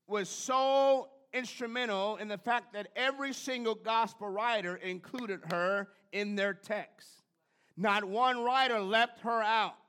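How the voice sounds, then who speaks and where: A man's voice: high-pitched, pushed and bright. A man preaching a sermon in a church, calling out to the congregation and building in fervor. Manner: preacherly, call-and-response with the congregation. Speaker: pastor. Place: church sanctuary.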